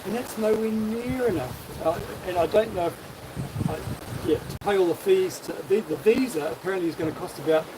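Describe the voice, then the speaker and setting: A man's voice: high voice, moderate pace. A man with a New Zealand accent hosting a casual live stream from a sailboat, upbeat and jokey. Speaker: sailing vlog host. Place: on a sailboat at sea, outdoors. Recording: wind and water noise on deck.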